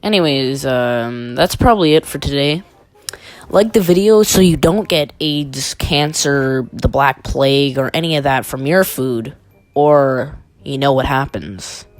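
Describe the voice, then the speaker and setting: A man's voice: medium pitch, animated, a little slow, soft background music. A young man vlogger telling a crude, exaggerated comic rant. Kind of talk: comedic rant vlog.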